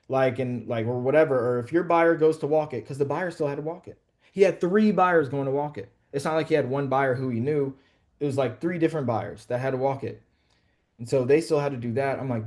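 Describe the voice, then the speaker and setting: A man's voice: mid-range voice, fairly quick, darkish tone. A man casually telling a story to a group on a call, slangy and profane, full of "bro" and "like". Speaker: real estate wholesaler coaching a group.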